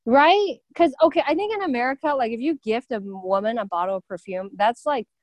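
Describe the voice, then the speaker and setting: A woman hosting a casual chat, blunt and quick to swear, filling her speech with "like". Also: on the high side, slight background noise. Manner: blunt, swears freely, lots of "like".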